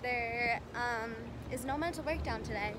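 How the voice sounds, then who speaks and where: A woman's voice: on the high side, unhurried. A young adult woman vlogging in casual chat, joking and teasing, sometimes in a mock British accent.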